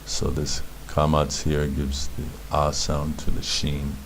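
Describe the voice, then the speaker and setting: With slight background noise, a man with an extremely low, monotone voice teaches Hebrew letters to beginners at a slow pace. He explains patiently, repeating words and sounds as he goes.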